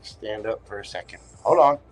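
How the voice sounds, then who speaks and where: A man's voice: on the low side, animated, moderate pace, soft background music. A man with a Southern accent hosting a livestream tarot reading, talking in a folksy, joking and reassuring way. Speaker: tarot reader and livestream host.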